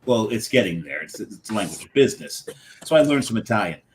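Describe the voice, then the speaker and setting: A man's voice: fairly low pitch, very animated, fast talker, slight background noise. A man hosting a casual talk show, telling rambling stories and laughing often. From United States. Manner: chatty, rambling storyteller who laughs often. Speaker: host. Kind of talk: casual chat.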